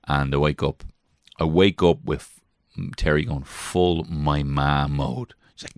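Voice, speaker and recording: A man's voice: a bass voice, fairly even intonation, normal speed, hardly any pauses, no echo, clean studio sound. A man in his thirties telling a rambling comic story as a podcast host, swearing and mocking himself as he jumps into put-on voices. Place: small garden shed.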